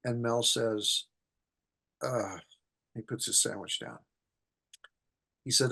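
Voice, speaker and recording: A man's voice: medium pitch, measured pace, vocal fry, long pauses, husky. Man telling stories in an interview. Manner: relaxed anecdotal storyteller who acts out quotes. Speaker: guest, screenwriter and horror film expert. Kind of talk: storytelling in an interview.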